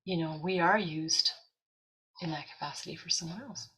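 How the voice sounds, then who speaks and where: A woman talking as a guest on a chat show, telling a story in an animated way and acting out what people said. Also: on the low side, moderate pace, husky, poor audio. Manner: animated, acts out quotes.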